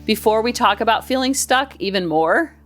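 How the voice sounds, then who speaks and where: A woman's voice: animated, normal speed, soft background music. A middle-aged woman, a counselor and life coach, hosting her podcast in a chatty, upbeat way. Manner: chatty, upbeat, acts out quotes in lower voice. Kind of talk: casual chat.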